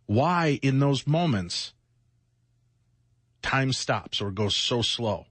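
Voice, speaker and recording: A middle-aged man with a husky voice and a dry, close studio sound co-hosts a late-night radio show. He sounds worn out and short on sleep, rambling and reflecting with self-mocking asides. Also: mid-range voice, animated, slow, a bit bright, no echo. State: exhausted, sleepless. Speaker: radio co-host.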